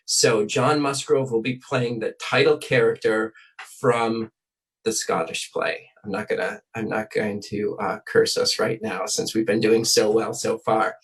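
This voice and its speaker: A man's voice: medium pitch, a bit bright, distant mic, rough recording. Casual man hosting a livestream. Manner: loose, with fillers. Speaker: host.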